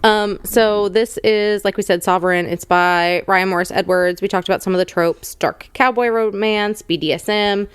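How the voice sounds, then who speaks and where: A woman's voice: medium pitch, steady tone, normal speed, hardly any pauses, smooth, no echo. A woman co-hosting a casual book-club podcast, summarizing a novel with fillers and blunt crude jokes. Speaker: podcast co-host.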